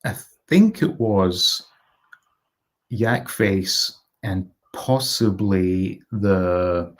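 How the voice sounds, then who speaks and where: A man's voice: deep voice, extremely slow. A middle-aged man from Scotland hosting a casual live stream, reading viewer comments aloud and greeting chatters by name.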